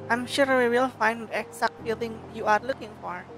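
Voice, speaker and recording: A woman's voice: fairly high pitch, normal speed, music in the background, lightly acted. A woman reading the lines of a boastful, playful heavenly girl in a game, in a smug, teasing manner.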